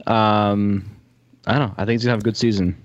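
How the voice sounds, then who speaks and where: A man's voice: on the low side, steady tone, fast talker, dry recording, lo-fi sound. A man co-hosting a casual podcast, swearing freely and speaking bluntly. He stalls with fillers when unsure of himself. The recording is close and dry, with no room sound. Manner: blunt, profane, hesitant fillers. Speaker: podcast co-host. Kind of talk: casual chat.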